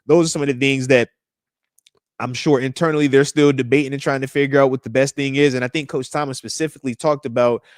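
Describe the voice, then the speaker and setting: A man's voice: mid-range voice, steady tone, quick pace, no echo, clean studio sound. A man in his thirties from the United States hosting a live stream, chatting loosely and reading out viewer comments with slangy hype. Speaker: podcast host.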